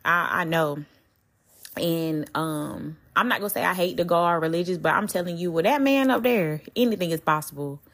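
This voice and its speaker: A young woman hosts her solo podcast in a candid, animated way. Her speaking voice sits a little lower than most women's. She talks in slang and curses freely as she confides in her listeners. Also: moderate pace. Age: young adult. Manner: talks straight to listeners, often asking "you hear me?". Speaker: podcast host. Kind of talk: casual solo podcast talk.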